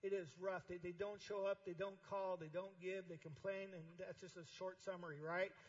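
A man with a high, husky voice preaches at a fast clip, his words ringing through a large hall with long reverb. The sound is a little dull and muffled. His sermon swings between loud, passionate lines and softer, quieter moments. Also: flat delivery. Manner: impassioned preaching, voicing God and Paul in quotes. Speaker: pastor. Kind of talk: conference sermon. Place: large church or conference auditorium.

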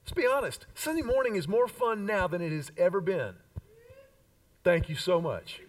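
A man's voice: high-pitched, expressive, moderate pace, recorded from a distance, rough recording. A man in his fifties preaching a sermon as pastor, with emphatic repeated lines and call-and-response. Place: church sanctuary.

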